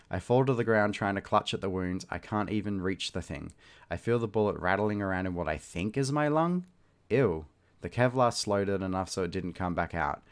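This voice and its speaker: A man reading a short story aloud, with loose, chatty asides where he laughs at himself. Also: low-pitched. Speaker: reader and host.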